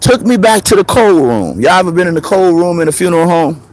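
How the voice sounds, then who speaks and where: A man in his thirties telling a story in a casual, profane monologue, laughing often and swinging between preacher-like highs and murmurs. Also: animated, fast talker, a little mellow, slight background noise. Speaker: show host.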